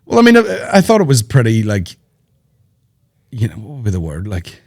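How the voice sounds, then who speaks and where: A man hosting a podcast, rambling in animated, sweary banter. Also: on the low side, moderate pace. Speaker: podcast host. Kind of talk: casual chat.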